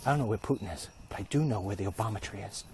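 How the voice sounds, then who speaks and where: A man's voice: on the low side, rapid-fire, background noise. A man hosting a comedic, rambling and sarcastic monologue while walking outdoors at night. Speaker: host. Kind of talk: comedic walk-and-talk monologue.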